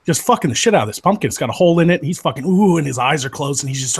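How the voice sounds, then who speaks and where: A man's voice: a little high, lively intonation, rapid-fire, breathy edge. A man telling crude jokes in a casual, hesitant way with fillers.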